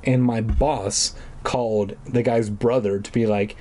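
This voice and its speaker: A man's voice: lowish voice, fairly even intonation, a little slow, dark tone. A young man reading a children's book aloud for comedy, breaking off into sarcastic, profane, rambling asides.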